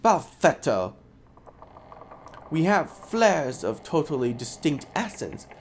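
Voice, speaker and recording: A man voicing an eager, fussy woman scholar who studies souls, in a raised, excited voice. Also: takes it slowly, a little hiss or hum, full character voice. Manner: excited, clinical, high-pitched.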